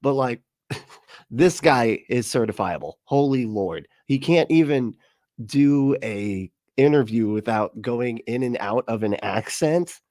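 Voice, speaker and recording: A man's voice: mid-range voice, expressive, slow, a little mellow, dry recording, studio quality. A man hosting a livestream reaction show, chatting casually with lots of laughter and mocking asides.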